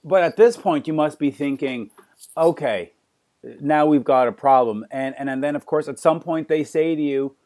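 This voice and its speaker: A man's voice: a little high, normal speed, a little mellow. A man hosting an interview, asking eager questions with frequent stammered restarts. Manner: enthusiastic fan questions, repeated stammered starts. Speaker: interview host. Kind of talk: casual interview conversation.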